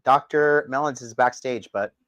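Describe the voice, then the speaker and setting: Male livestream host, crude mocking rant, dry close sound, mid pitch. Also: moderate pace, no room sound, lo-fi sound. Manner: mocking, profane, swings from loud to low.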